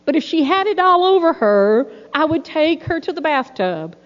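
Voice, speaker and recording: A middle-aged woman preaching a sermon, telling folksy personal stories in a lively, storytelling way. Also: high-pitched, normal speed. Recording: dull sound in a reverberant hall.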